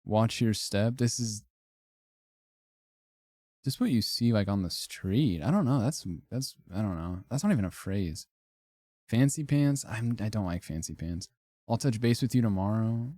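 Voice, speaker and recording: A young male streamer with a lowish voice, talking in a wry, offhand way while he ranks things for his chat. He swears and laughs freely, and the sound is close and dry with no room around it. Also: animated, measured pace, warm tone, no echo. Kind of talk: casual livestream commentary ranking phrases.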